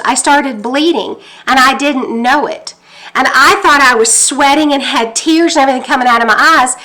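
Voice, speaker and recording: A woman's voice: sits high, pushed and bright. A woman from Texas giving a fervent, emotional personal testimony from home, often quoting her own prayers aloud. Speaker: faith teacher. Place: kitchen table at home.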